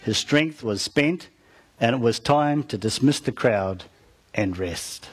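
A man's voice: medium pitch, lively intonation, slow pace, husky. A man preaching, retelling a story to his congregation and calling out to them as he goes. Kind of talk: storytelling sermon.

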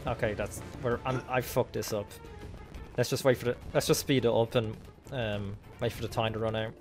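Young male let's player, excitable, swears freely, game music underneath. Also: mid-range voice, moderate pace. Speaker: gaming video host. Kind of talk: let's play commentary.

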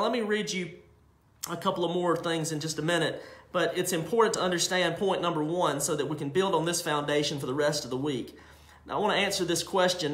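Male preacher, high voice, emphatic sermon delivery, echoey room. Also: fairly bright tone. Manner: emphatic, drawn-out scripture reading with asides.

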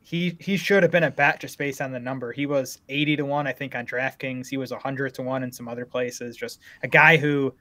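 A man's voice: mid-range voice, steady tone, bright, forceful tone. A man co-hosting a golf betting podcast, talking through odds in an easygoing, analytical way. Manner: easygoing, analytical, quick to agree. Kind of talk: casual sports chat.

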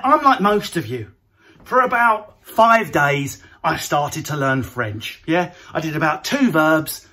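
A man doing a comedy rant to camera, animated and mocking, jumping into put-on voices. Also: high voice, husky.

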